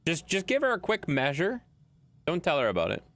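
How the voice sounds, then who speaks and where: Playing a game on stream, this Wisconsin man talks a little fast to his audience, cursing openly, speaking bluntly and bickering with chat. His pitch moves all over the place in an animated delivery.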